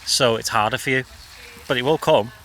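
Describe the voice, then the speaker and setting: A man's voice: medium pitch, brisk, a bit bright, slight background noise. A man interviewing a young actor outdoors, encouraging and mentoring him in casual talk. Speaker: interviewer and YouTube presenter. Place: outdoors by a bridge.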